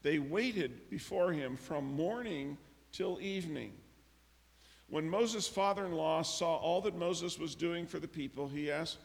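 Pastor preaching in an echoing hall. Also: male voice, a little high, measured pace, vocal fry. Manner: storytelling, acting out characters' lines with lively emphasis. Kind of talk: sermon. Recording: long reverb of a large hall.

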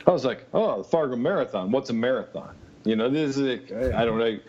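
A man's voice: medium pitch, normal speed, a little mellow. A man telling a long personal story in casual talk, laughing often and full of fillers. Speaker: interview guest. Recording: muffled lo-fi sound.

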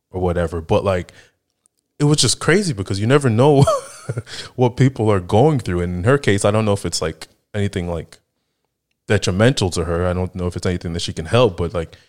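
Low-voiced man telling rambling stories. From Chicago area, United States. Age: 30s. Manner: rambling, laughs often, heavy use of "like" and "right?". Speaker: podcast host. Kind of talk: casual storytelling monologue.

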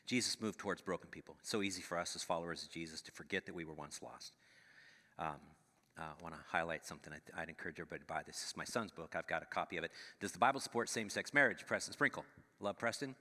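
A man's voice: low-pitched, quick pace, bright, forceful tone, long reverb tail. A middle-aged man, a pastor, preaching a conversational sermon and checking in with the audience as he goes. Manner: conversational preaching with frequent "right?" asides. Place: church sanctuary.

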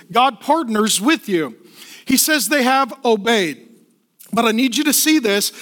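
A middle-aged male pastor preaching a sermon, with emphatic rhythmic repetition and lively storytelling asides. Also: very high voice.

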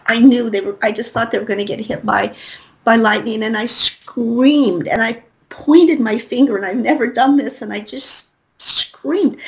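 A middle-aged woman recounts a personal story as a guest, slipping into the voices of everyone in it. Her voice sits a little high. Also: rough recording. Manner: animated storyteller acting out quotes. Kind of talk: storytelling interview.

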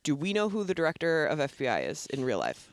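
A man's voice: on the high side, wildly swooping pitch, fast talker, no room sound. A man co-hosting a casual movie podcast, talking in a laid-back, upbeat way. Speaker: podcast co-host.

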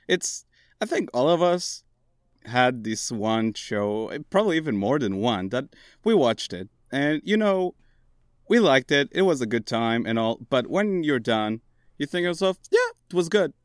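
A young man co-hosts a casual podcast in a mid-pitched voice, feeling his way through an idea with lots of ums and restarts. The recording is dry and close. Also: very animated, measured pace, dry recording. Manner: rambling, hesitant explaining with fillers. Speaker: podcast co-host.

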